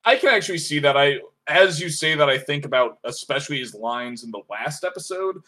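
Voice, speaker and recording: A man co-hosting a casual review podcast, talking in a measured, analytical way with frequent "uh" and "like". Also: fairly high pitch, animated, sharp tone. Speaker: podcast co-host reviewing a show.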